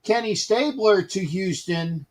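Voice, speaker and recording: A man co-hosts a casual sports podcast, with a fairly high voice. He rambles through team history and stats, stopping and restarting often. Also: unhurried. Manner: rambling, with many restarts and fillers. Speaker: podcast co-host.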